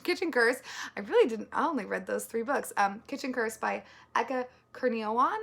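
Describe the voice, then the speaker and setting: Casual woman book vlogger, rambling and filler-heavy, bright tone with vocal fry, earnest. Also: a little high, expressive, normal speed. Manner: rambling, filler-heavy, with many likes and ums; earnest and easily moved. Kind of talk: casual monthly book wrap-up.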